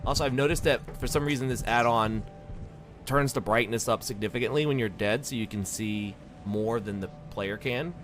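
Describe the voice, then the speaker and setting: A man's voice: medium pitch, moderate pace, over music. A man streaming a video game live, reading chat aloud and giggling as he plays. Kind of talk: casual gaming livestream chat.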